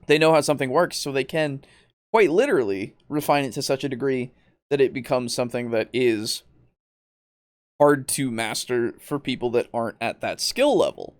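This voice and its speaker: A man's voice: medium pitch, normal speed, no room sound. A man hosting a podcast, ranting in exasperation, swearing often and laughing mid-sentence. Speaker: podcast host.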